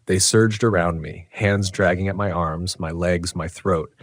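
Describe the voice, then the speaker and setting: A man telling a first-person horror story in a tense, dramatic, measured way. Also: low voice, steady tone, no room sound. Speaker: narrator.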